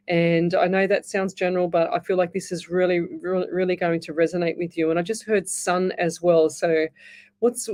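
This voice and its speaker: A woman's voice: lowish voice, a little mellow. A woman hosting a live radio show, giving psychic readings in a reassuring, repetitive way with many restarts. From Australia. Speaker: psychic medium radio host.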